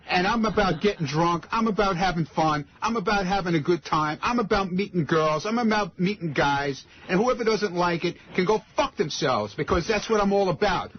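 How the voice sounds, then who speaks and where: A man doing a ranting drunken party boaster. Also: high-pitched. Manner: ranting, shouting, profane. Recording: dull clip played on radio with hiss.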